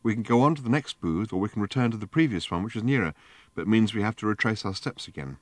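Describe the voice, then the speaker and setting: A man voicing a practical young woman traveller in an audiobook, in a lightly raised, brisk voice. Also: fairly low pitch, lively intonation, no room sound.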